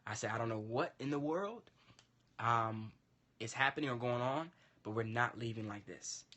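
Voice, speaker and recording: A man's voice: medium pitch, normal speed. A man casually telling a long story to a co-host, acting out the voices of the people in it. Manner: animated, acts out quoted dialogue.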